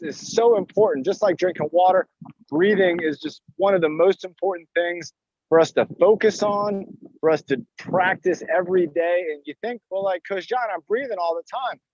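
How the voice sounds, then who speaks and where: A man's voice: on the high side, darkish tone, no room sound. A man leading a live outdoor workout class as fitness coach, encouraging and talking through each move as he exercises, recorded on a phone in a park. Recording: dull dry lo-fi phone audio.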